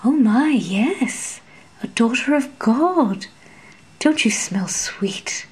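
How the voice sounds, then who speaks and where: A woman voicing a sly, seductive female fairy with a forked tongue, speaking in a honeyed, mocking, drawn-out way. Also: a little high, lively intonation, breathy edge, full character voice. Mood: mocking sweet.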